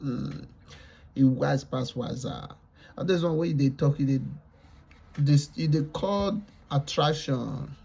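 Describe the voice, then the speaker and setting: A man's voice: mid-range voice, takes it slowly, vocal fry, darkish tone, husky. A Nigerian man giving casual reaction commentary, lecturing and repetitive, mixing Pidgin with English. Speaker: reaction vlogger.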